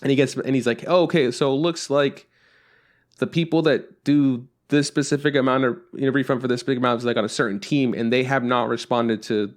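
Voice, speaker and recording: He has a mid-range voice with fairly even intonation, talking fast with few pauses. On the podcast he co-hosts, he tells a casual story, acts out both sides of a phone call, and swears frequently in exasperation.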